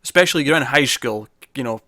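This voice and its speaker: A man's voice: mid-range voice, lively intonation, quick pace, bright, forceful tone, dry recording, studio quality. A man co-hosting a podcast, reviewing a TV episode in casual chat, rambling with many fillers and restarts.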